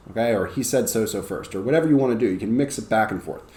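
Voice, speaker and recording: A man teaching ESL, explaining and acting out classroom drills with bursts of excited, high calls. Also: quick pace. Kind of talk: teaching demonstration. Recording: roomy echo.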